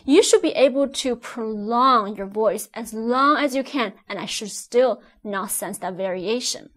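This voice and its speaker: A woman's voice: on the high side, measured pace, a bit bright. A woman teaching Mandarin tones, explaining patiently step by step and modelling each sound. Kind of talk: online language lesson.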